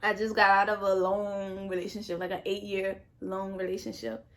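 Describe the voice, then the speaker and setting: A young adult woman vlogger telling a story in casual chat, animated, repeating herself and swearing as she goes. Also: medium pitch, normal speed. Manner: animated, repetitive retelling with swearing. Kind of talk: casual storytime while eating.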